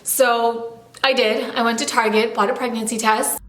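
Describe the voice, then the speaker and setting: Young woman, vlogger, bubbly, rambling, chatty, fairly high voice, echoey room. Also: steady tone, normal speed, fairly bright tone. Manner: bubbly, rambling, lots of fillers. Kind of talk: casual chat to camera.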